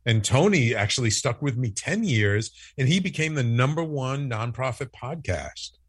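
A man telling a story in a casual interview, acting out the quoted lines with lively, animated delivery. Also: medium pitch, moderate pace, husky, no echo. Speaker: podcast network founder, guest.

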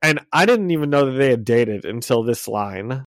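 A man's voice: medium pitch, expressive, normal speed, no room sound. Upbeat man recapping a comic. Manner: upbeat, laughs often, recaps the story. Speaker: podcast co-host. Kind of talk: casual chat.

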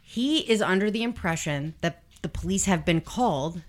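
A woman's voice: fairly low pitch, animated, normal speed. A woman hosting a podcast, telling a true crime story casually, blunt and swearing freely as she reads out quotes. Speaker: podcast host.

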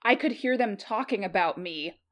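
A woman's voice: mid-range voice, expressive, normal speed, a bit bright. Blunt laughing woman podcaster. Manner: blunt, swears, laughs often. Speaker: podcast co-host. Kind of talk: casual chat.

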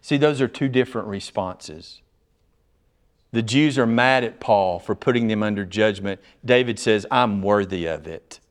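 A man's voice: on the low side, unhurried. A man pastor teaching a small-group Bible study, earnest and emphatic, often putting questions to the group.

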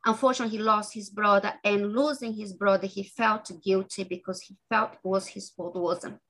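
A woman author being interviewed, talking in an earnest, halting way with many restarts. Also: medium pitch, steady tone, fairly bright tone, low-quality recording. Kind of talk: interview guest.

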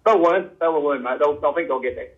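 An older Australian man rambles on a call-in radio show and drops "mate" into nearly every sentence. He talks quickly, and his voice sits a little high. The sound is dull and lo-fi, like a phone line. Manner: rambling, says "mate" constantly. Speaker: radio caller. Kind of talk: casual radio chat.

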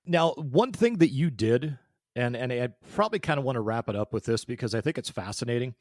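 A man hosting a podcast, asking slow, deliberate interview questions. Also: mid-range voice, animated, darkish tone, no room sound, clean studio sound. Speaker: podcast host.

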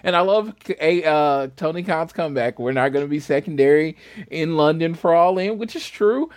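A man's voice: on the high side, moderate pace, no room sound. A man co-hosting a casual wrestling podcast, talking in a laid-back, rambling way. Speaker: podcast co-host.

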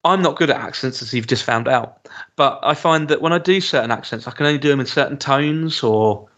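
A man's voice: mid-range voice, brisk, a bit bright, dull audio. A man co-hosting a podcast, chatting casually and hesitantly with many ums, livening up when he jokes. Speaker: podcast co-host. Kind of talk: casual chat reviewing a TV episode.

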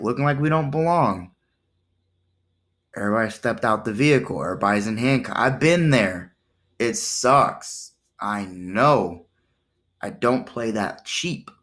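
A man hosting a casual podcast monologue in a conversational way, often asking "right?" and acting out the exchanges he describes. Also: on the low side. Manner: animated, acts out quoted exchanges in shifting voices; conversational, with repeated "right?" and "you know". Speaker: podcast host.

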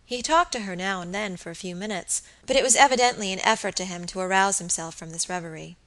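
A woman narrating a classic novel as an audiobook in a measured, expressive reading. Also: medium pitch, poor audio.

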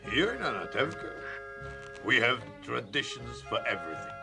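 Gravelly middle-aged milkman, slow and folksy, voice swooping all over, music under it. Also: medium pitch, big pitch swings. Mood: wry. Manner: slow, sing-song storytelling. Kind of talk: film musical monologue. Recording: film clip with music behind.

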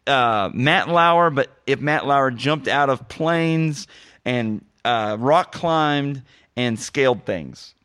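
A man's voice: medium pitch, takes it slowly, smooth, no room sound, studio quality. A young man hosting a casual movie-review podcast, joking and laughing at his own lines. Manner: jokey, animated, laughs at his own jokes. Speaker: podcast host.

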